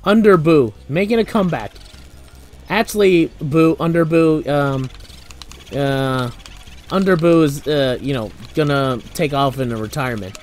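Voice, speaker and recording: A man's voice: a little high, a little slow. A young man casually commentating a video game, rambling and joking with lots of fillers. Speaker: gameplay commentator. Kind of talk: casual let's play commentary.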